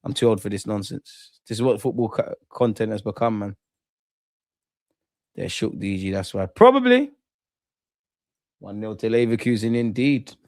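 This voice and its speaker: Hosting a football watchalong stream, a medium-pitched man reacts to the match, addressing both his chat and the players directly. He's excitable and swears, swinging between calm stretches and loud outbursts. The audio is dry and close, with no room echo.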